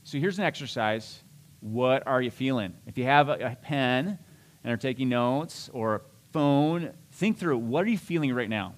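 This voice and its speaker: A man's voice: mid-range voice, expressive, moderate pace. A middle-aged man preaching a sermon as a pastor, conversational and self-deprecating, with restarts and asides.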